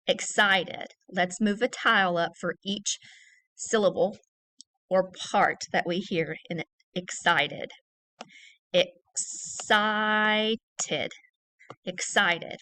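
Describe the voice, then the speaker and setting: A woman teacher giving a recorded early-grade reading lesson, saying each word slowly and clearly and repeating it for young children. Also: medium pitch, fairly bright tone.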